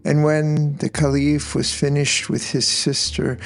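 A man telling an old tale aloud in a measured, unhurried storytelling manner, with faint music behind him. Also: on the high side, flat delivery, vocal fry. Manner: unhurried, measured, with voiced characters in dialogue. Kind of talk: slow storytelling narration.

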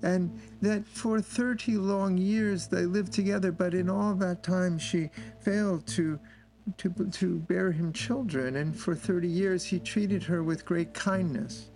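A man's voice: high-pitched, fairly even intonation, slow, a little mellow, low-quality recording. A man telling a long folk tale aloud, repeating phrases for emphasis as he goes. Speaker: storyteller. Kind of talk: oral storytelling. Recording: instrumental music playing behind.

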